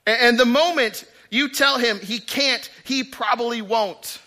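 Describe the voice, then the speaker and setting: A man in his thirties preaching a sermon in church, moving from loud emphatic bursts to quiet asides. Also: very high-pitched, measured pace. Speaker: pastor.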